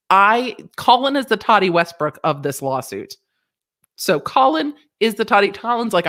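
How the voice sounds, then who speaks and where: A woman's voice: mid-range voice, animated, normal speed, fairly bright tone. A woman hosting a casual livestream about a legal case, chatty and sassy with joking asides. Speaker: legal commentary host.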